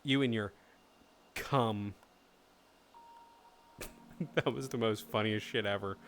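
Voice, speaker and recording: A man's voice: fairly low pitch, takes it slowly, a bit bright, slight background noise. A man in his thirties chatting casually on a live stream, swearing freely and answering chat.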